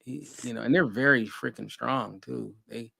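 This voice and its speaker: A man's voice: mid-range voice, normal speed, creaky, bright, forceful tone, husky, dry recording. Laid-back man hosting a chat. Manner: laughs often, loose and rambling. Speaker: host. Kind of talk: casual group chat.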